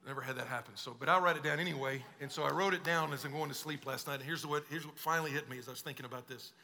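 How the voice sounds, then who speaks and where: A man's voice: a little high, very fast, sharp tone. A male pastor preaching a conversational sermon and acting out quoted voices. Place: church auditorium. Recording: long hall reverb.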